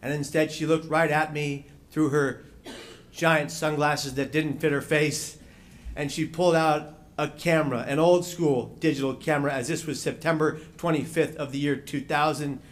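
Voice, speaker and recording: A man with a somewhat high voice delivers a personal story as a panel speaker. He slows down to weight key phrases and slips in dry humor. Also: steady tone. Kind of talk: personal story told as a speech.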